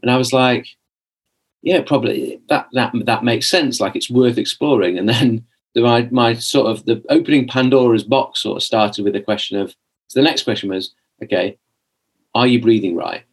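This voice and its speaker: With a mid-range, slightly rough voice at a moderate pace, this young podcast guest spins a meandering personal anecdote. His casual delivery is loaded with restarts and "like" fillers, and he performs his own past lines.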